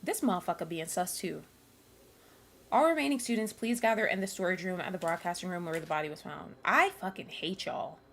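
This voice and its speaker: A woman's voice: fairly low pitch, fairly quick, fairly bright tone, a little hiss or hum. A young woman streamer commenting live on a game, ranting angrily and swearing at the characters. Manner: angry, profane, ranting at characters.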